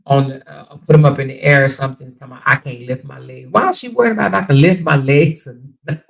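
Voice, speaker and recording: A woman's voice: low voice, lively intonation, fast, gravelly. A woman hosting a casual livestream, talking bluntly and mockingly to her chat viewers with plenty of profanity. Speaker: livestream commentary host.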